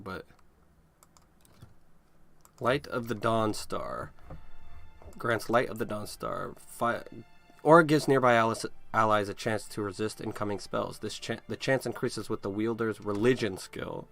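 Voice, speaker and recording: A man's voice: fairly low pitch, steady tone, fairly quick, fairly bright tone, faint music behind. A man hosting a let's play, reading game text aloud with casual, wry asides. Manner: casual, wry asides between read passages.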